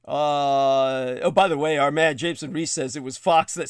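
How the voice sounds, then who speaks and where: A man's voice: on the high side, steady tone, moderate pace, few pauses, smooth, no room sound, clean studio sound. A man hosting a livestream, reading news passages aloud and breaking off into wry, digressive asides with many hesitations. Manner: hesitant, with frequent filler sounds. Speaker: livestream host.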